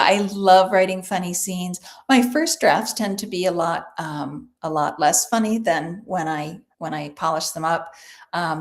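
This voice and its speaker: A woman with a slightly low voice talks about her writing as a guest on a video call. She thinks out loud, restarts her sentences and laughs easily. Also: creaky. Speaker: author guest. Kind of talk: casual interview chat.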